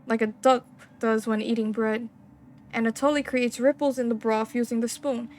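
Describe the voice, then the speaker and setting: Between reading a game's text and lines aloud, a young woman gaming streamer erupts into excitable, profane, slang-filled reactions. She speaks at a moderate pace in a slightly high voice, and there's a little hiss or hum.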